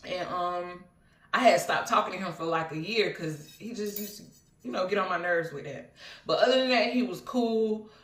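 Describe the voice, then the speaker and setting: A woman's voice: fairly low pitch, normal speed, fairly bright tone. A woman casually telling a personal story as a vlogger, in a rambling, earnest way with many fillers and asides. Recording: roomy, mic at a distance.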